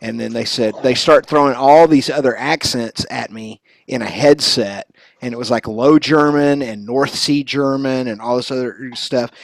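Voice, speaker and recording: A man's voice: mid-range voice, normal speed, gravelly, no echo. An American man hosting a live stream, chatting casually in a talkative, rambling way. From United States. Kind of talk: casual group chat.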